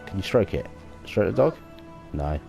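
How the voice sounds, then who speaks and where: A man's voice: sits low, very animated, moderate pace, creaky, warm tone, soft background music. A man giving let's play commentary on a video game, with dry, wry asides. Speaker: gaming video creator.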